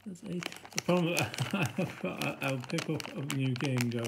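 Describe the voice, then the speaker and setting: A British man hosting a board game unboxing, chatting casually and getting easily excited, laughing to himself. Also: medium pitch, measured pace, vocal fry, background noise.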